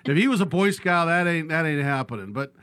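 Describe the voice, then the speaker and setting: A man's voice: on the high side, lively intonation, fairly quick, fairly bright tone, clear, resonant tone. A man co-hosting a radio law talk show, blunt and joking as he dismisses a scenario. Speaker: attorney co-host.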